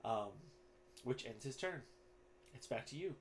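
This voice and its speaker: A man runs a tabletop game as game master and narrates at a mid pitch. He talks casually, with fillers and the odd swear word. A faint hum sits in the background. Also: lively intonation, measured pace.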